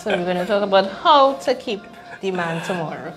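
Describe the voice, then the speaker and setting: A woman's voice: medium pitch, lively intonation, fairly quick, faint music behind. A woman co-hosting a talk show, mostly agreeing and reading out listener comments.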